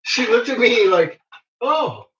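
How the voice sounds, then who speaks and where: Laughing, animated man telling stories. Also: mid-range voice, normal speed, slight background noise. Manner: laughing, profane, animated storytelling. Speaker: vlogger. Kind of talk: casual chat. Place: workshop with a kiln. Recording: muffled lo-fi recording.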